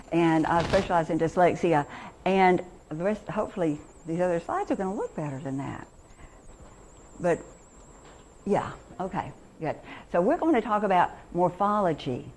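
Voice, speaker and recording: A woman's voice: lowish voice, lively intonation, normal speed, darkish tone, a little hiss or hum, low-quality recording. A woman in her sixties giving a chatty, encouraging workshop talk on reading to teachers and parents, with many restarts.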